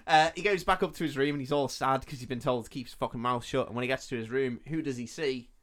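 A man in mid-pitch chatting loosely on a comedy podcast. He swears freely and breaks into laughter often while retelling a plot. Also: fast talker. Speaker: podcast co-host. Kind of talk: casual comedy podcast chat.

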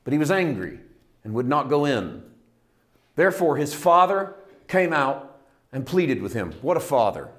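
A middle-aged man preaching a sermon, telling a parable with lively storytelling and acting out its characters. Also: on the high side, normal speed, pauses often. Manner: animated storytelling, acting out characters, rising to shouts. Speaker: pastor.

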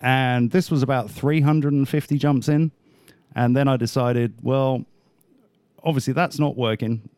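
A man's voice: medium pitch, steady tone, a little slow, darkish tone, clear, resonant tone, no echo. Laughing man telling skydiving-style anecdotes. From Australia. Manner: laughs often, rambling anecdotes. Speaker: podcast guest. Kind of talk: casual storytelling chat.

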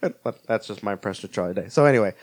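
Animated man in casual podcast chat. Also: very fast. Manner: animated, jokey, slips into high silly impressions. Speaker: podcast co-host.

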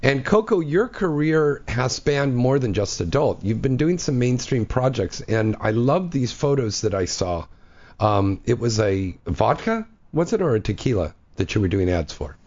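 A playful male radio host chats and teases his guest, his pitch swinging widely as he talks. The audio is dull and lo-fi, like an old radio stream. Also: sing-song, moderate pace, a little mellow. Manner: playful, laughs often, jokey teasing. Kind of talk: casual radio talk show chat.

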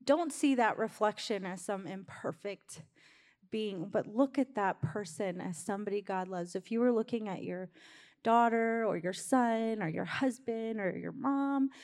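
A woman's voice: mid-range voice, measured pace, a little mellow. A woman pastor preaching a sermon in a church, talking conversationally and urging the congregation along. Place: church sanctuary. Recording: long hall reverb in a church.

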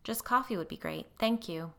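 A woman's voice: on the low side, normal speed, creaky. A woman voicing a composed, firm church woman investigating a haunting, in a story reading.

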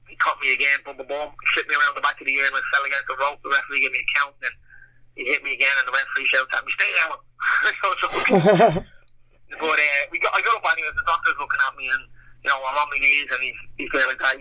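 A middle-aged Irish man, a former boxer, telling stories in a rambling, animated way with lots of fillers. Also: medium pitch, racing, rough recording. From Ireland. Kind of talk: casual storytelling interview.

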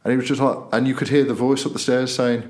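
Animated man telling anecdotes. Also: mid-range voice, quick pace. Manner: animated storyteller, acts out voices in quotes. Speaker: newspaper editor and podcast host. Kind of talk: casual chat, anecdote telling.

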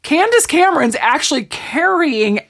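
A woman's voice: high-pitched, normal speed, vocal fry. A woman in her forties, casually recapping a TV show and telling stories, acting out the lines she quotes. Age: 40s. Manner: animated storytelling, acts out quotes. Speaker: podcast co-host. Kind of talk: casual chat recapping episodes.

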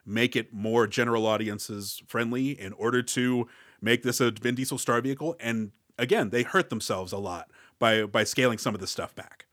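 A man's voice: medium pitch, moderate pace, fairly bright tone, dry recording, clean studio sound. A man co-hosting a movie podcast, recapping the plot and laying out his theories in a casual way. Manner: summarizes plots, explains his theories. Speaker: podcast co-host.

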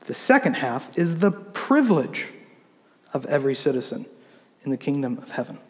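A man, a pastor, preaching a sermon in an explanatory teaching manner, slowing down to read scripture. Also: medium pitch, sing-song, in a large hall.

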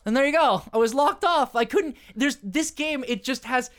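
A man co-hosting a casual podcast, arguing in an animated, profane, rambling way. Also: extremely high pitch, moderate pace. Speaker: podcast co-host.

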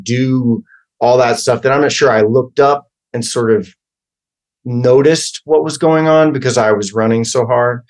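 A man in his fifties from Oklahoma, a guest actor who tells stories casually and keeps correcting himself mid-sentence. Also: mid-range voice. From Oklahoma, USA. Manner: rambling, self-correcting, wry. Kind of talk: casual interview storytelling.

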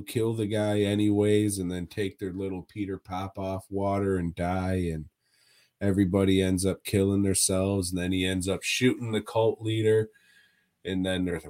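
A man's voice: low voice, level tone, normal speed, darkish tone. A man co-hosting a podcast, casually reviewing movies in a laid-back, profane way with frequent chuckles. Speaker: podcast co-host.

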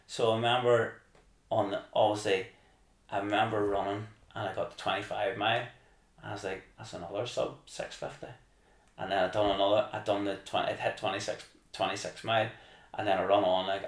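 A man telling a rambling, animated story as a podcast guest. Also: on the low side. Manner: animated, rambling, acts out his own excited shouting. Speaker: podcast guest, marathon runner. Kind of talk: casual storytelling. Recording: echoey room.

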